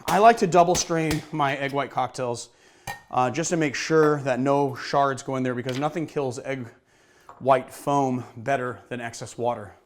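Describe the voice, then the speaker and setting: A man's voice: mid-range voice, normal speed, a little hiss or hum. A man hosting a casual cocktail-making lesson, chatting easily and a little out of breath as he mixes and shakes drinks. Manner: chatty, self-deprecating, talks while mixing and shaking. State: slightly out of breath. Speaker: bartender and cocktail show host.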